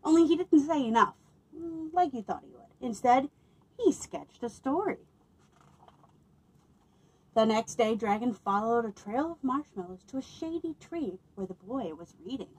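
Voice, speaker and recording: A woman working as a children's librarian, reading picture books aloud to children with expressive delivery and playful asides. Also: a little high, moderate pace, slightly rough, rough recording.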